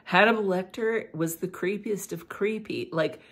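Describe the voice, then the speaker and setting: A woman's voice: mid-range voice, measured pace, fairly bright tone, breathy edge. A middle-aged woman vlogger chatting casually and animatedly about fragrances, full of "like" fillers. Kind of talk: casual chat.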